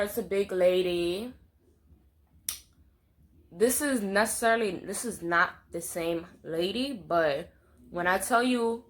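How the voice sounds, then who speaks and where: Young woman, storytime vlog, blunt and profane, fiery, rambling, casual. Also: lowish voice. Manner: rambling, with many fillers. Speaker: storytime vlogger.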